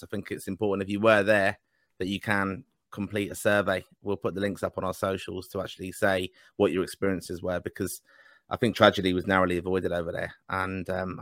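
A man co-hosting a football podcast, earnest and full of ums as he talks things through. His low voice moves along quickly, and the recording is close and dry. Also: a bit bright, dry recording. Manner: measured, earnest, many ums. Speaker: podcast co-host. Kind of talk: casual podcast chat.

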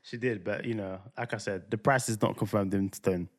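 A man co-hosting a podcast, telling stories in a relaxed, confident way and dropping his voice low when he quotes people. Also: moderate pace. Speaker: podcast co-host. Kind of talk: casual chat.

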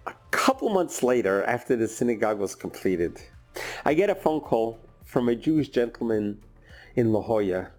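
Storytelling rabbi, man, soft music behind. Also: mid-range voice, normal speed. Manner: lively storyteller, acts out quoted voices. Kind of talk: storytelling sermon.

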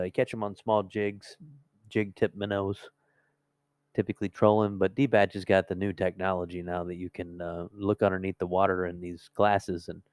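A man's voice: low-pitched, a little mellow, no echo. A man co-hosting a podcast from a studio, joking and telling folksy fishing stories in casual chat. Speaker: podcast co-host.

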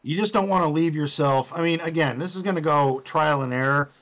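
A man's voice: on the high side, a little fast, fairly bright tone, low-quality recording. A man hosting a podcast, casually coaching a guest through his game with loose, profane instructions. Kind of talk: casual chat.

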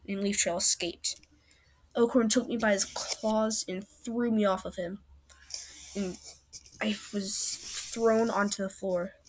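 Young woman reading a cat story. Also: mid-range voice. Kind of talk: first-person story reading.

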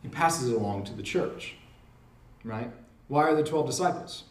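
A man's voice: mid-range voice, animated, moderate pace. Earnest man teaching in a roomy space. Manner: earnest, emphatic, tag question "right?". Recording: roomy sound, mic at a distance.

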